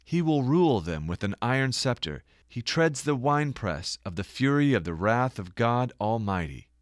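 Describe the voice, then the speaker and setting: A man giving scripted Bible-teaching narration, reading scripture dramatically and citing verses more quietly. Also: mid-range voice, big pitch swings, moderate pace, no echo, studio quality.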